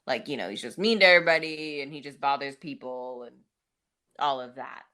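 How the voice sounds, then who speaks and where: A woman with a low voice talks through a movie plot in a loose, conversational way. She fills her sentences with "like" and "um" as she goes. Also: brisk, bright, forceful tone. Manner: chatty, many fillers and laughs. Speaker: podcast co-host. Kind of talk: casual movie recap.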